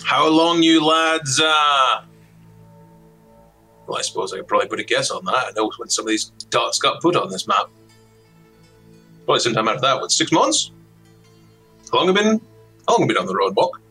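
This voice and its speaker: A man's voice: mid-range voice, sing-song, normal speed, long pauses, bright, forceful tone, slightly rough, faint music behind, heavily acted, rough recording. A man voicing a dwarf adventurer in a put-on accent, musing aloud in a chatty way.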